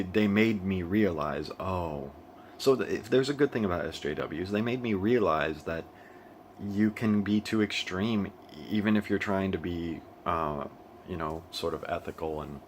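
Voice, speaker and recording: A man's voice: low voice, slight background noise. A young American man talking casually to camera in a rambling monologue, restarting his sentences often and laughing between thoughts. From United States. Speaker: vlogger. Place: living in Asia.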